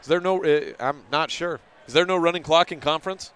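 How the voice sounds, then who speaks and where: A brisk male announcer handles play-by-play for a girls' high school basketball game on a local radio station. Now and then he corrects himself on names, and his tone is a little bright.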